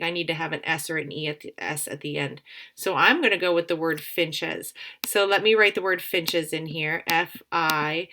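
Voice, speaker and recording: A woman teacher giving a recorded grammar lesson to children, speaking slowly and patiently and sounding words out. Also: lowish voice, bright, forceful tone.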